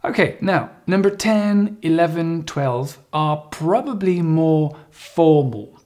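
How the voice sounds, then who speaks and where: A man's voice: a little high, slow, a little mellow. A man giving an English lesson as the teacher, playfully acting out phrases with exaggerated intonation. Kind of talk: video lesson.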